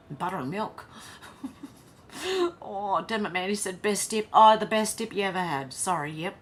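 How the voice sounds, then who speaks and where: A woman's voice: mid-range voice, a bit bright, slight background noise. An Australian woman hosting a casual livestream, reading viewer comments aloud and chatting with frequent laughs. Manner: chatty, reads chat messages aloud, laughs often. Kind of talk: casual chat.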